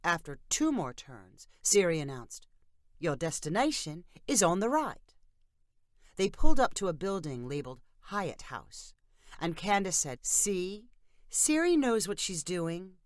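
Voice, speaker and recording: Brief: female storyteller, lowish voice with lively pitch, dry close recording. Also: unhurried, no room sound. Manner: reads all characters in a lightly varied voice. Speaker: narrator. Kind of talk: scripted story narration.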